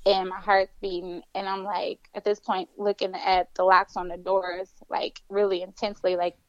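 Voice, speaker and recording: A woman's voice: mid-range voice, normal speed, hardly any pauses, no echo. A young woman telling a personal story on a podcast. She talks casually and acts out what others said. The sound is dry and slightly muffled. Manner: animated, acts out quoted voices. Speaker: guest telling her story.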